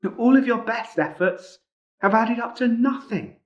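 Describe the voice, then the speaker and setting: A man's voice: extremely high pitch, moderate pace, pitched above the performer's own voice. A man voicing a sneering male schoolyard bully who taunts in a sing-song, mocking way. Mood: taunting. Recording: muffled lo-fi recording.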